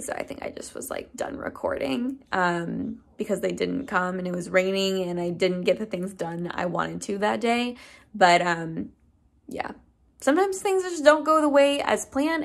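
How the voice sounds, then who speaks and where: In a creaky, medium-pitched voice, a young vlogger chats about moving into her house. She rambles casually, using plenty of fillers along the way.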